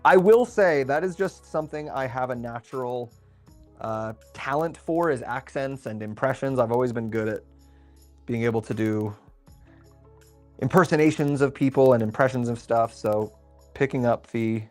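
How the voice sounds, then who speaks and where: A young man runs a relaxed livestream, chatting easily while he builds. His voice sits in an ordinary middle pitch. He mutters to himself over the pieces, then reads out viewer questions and answers them. Soft music plays quietly underneath. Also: normal speed. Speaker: livestream host building a LEGO set. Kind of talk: casual livestream chat.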